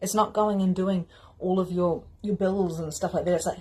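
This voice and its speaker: A woman spiritual mentor hosting a course, giving an energetic, emphatic motivational teaching talk in a casual manner with repetition. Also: lowish voice, moderate pace, slight background noise.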